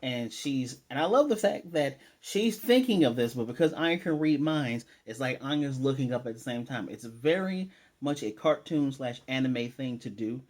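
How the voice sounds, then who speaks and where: A man casually recapping and reviewing an anime episode, retelling scenes with lively quotes of the characters. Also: mid-range voice, normal speed. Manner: animated retelling, quoting characters in passing.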